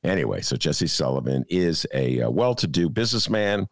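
A man's voice: very deep voice, sing-song, moderate pace, dry recording. A man co-hosting a political podcast, ranting sarcastically about the week's news. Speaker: podcast co-host. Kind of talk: casual political commentary.

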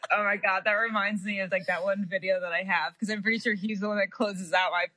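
A woman's voice: medium pitch, fairly even intonation, fast, background noise. A young adult woman co-hosting a podcast, telling stories casually with frequent laughs and lots of "like". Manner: chatty storyteller, laughs often, lots of "like". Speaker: podcast co-host. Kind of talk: casual chat.

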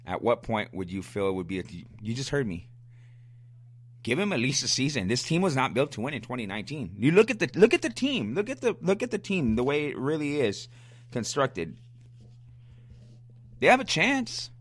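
A man's voice: fairly high pitch, very animated, normal speed, long pauses. Fired-up man ranting on a podcast. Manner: fired-up, blunt, repeats himself, stammers on restarts. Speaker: sports podcast host. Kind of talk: casual fan commentary, answering listener questions.

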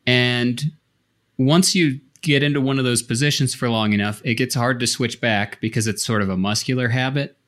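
A man's voice: mid-range voice, steady tone, moderate pace, a bit bright. A man co-hosting a podcast, explaining things at length in casual conversation with frequent restarts. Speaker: podcast co-host. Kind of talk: casual chat.

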